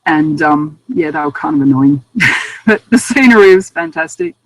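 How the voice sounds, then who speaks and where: A woman's voice: deep voice, expressive, normal speed, dry recording, poor audio. Aussie woman telling stories, casual and amused, dry sound. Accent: Australian. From Australia. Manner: chatty, self-amused, often laughing. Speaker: guest author. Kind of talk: casual interview storytelling.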